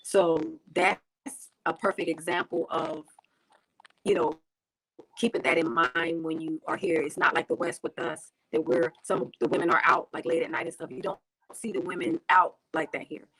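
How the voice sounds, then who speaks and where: A woman's voice: fairly low pitch, lively intonation, normal speed, a bit bright, poor audio. A woman from the United States, a guest on a video call interview, talking casually and repeating herself, with lots of "you know". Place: home in Tanzania.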